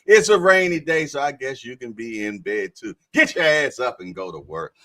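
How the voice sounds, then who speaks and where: A man's voice: mid-range voice, expressive, normal speed, fairly bright tone, no room sound, clean studio sound. A man hosting a casual live stream, joking, laughing often and reading viewer comments aloud in loose slang. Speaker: livestream host.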